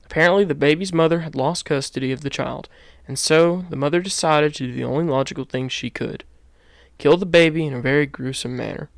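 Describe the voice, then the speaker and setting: Guy narrating, gravelly voice, serious and slow-ish, dry close sound. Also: on the high side, no echo. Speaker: video narrator. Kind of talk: scripted narration.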